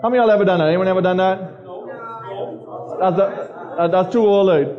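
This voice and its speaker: A man's voice: sits high, a little fast. A man preaching an informal sermon to teenagers as a youth pastor, chatty, asking questions of the room and repeating his phrases. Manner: conversational, asks the crowd questions, repeats phrases. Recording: dull lo-fi recording of a live service.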